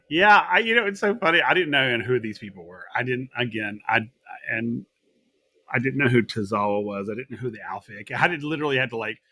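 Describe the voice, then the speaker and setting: Man, American accent, rambling casual chat, laughs often, bright tone. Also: mid-range voice, lively intonation, moderate pace, dry recording. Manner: rambling, giggly, self-interrupting storytelling. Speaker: podcast co-host. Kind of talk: casual wrestling recap.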